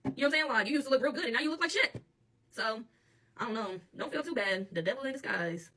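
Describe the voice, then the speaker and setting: Tarot reader, woman, AAVE, quick and sharp-toned, mic set back a bit. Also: high voice, animated, recorded from a distance. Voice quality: blunt and profane, laughs often. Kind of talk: channeled tarot reading monologue.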